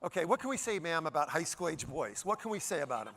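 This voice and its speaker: A man from Denver giving a high-energy keynote, playfully ordering the audience around with quick commands. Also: sing-song, creaky, a bit bright. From Denver, Colorado. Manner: upbeat, playful, bossing the crowd with quick commands. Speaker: keynote speaker. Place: conference hall stage.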